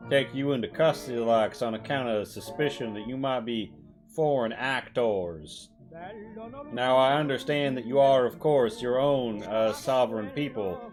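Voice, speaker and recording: A man's voice: medium pitch, close to an everyday voice. A man voicing a folksy, rural male soldier with a hick accent in a tabletop game, drawling and full of uhs. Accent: generic rural American hick. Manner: drawling, hesitant with many uhs. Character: folksy rural male soldier, self-styled sovereign patriot. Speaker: game master.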